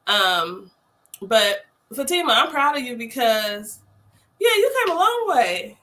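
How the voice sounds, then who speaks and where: A woman's voice: a little high, big pitch swings, slow pace, sharp tone. A woman co-hosting a casual chat, loose and conversational, laughing often. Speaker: co-host.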